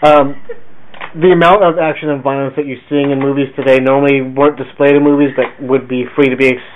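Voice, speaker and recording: A man co-hosting a casual podcast with dry, teasing sarcasm. He talks quickly in a flat, even tone. The sound is tinny and phone-like. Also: medium pitch, a little hiss or hum. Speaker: podcast co-host. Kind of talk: casual chat.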